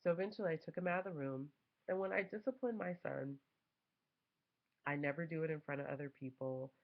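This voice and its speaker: A young mother casually telling a family story, animated and acting out quoted voices. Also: low voice, fairly quick. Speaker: mother vlogger. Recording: dull lo-fi home recording.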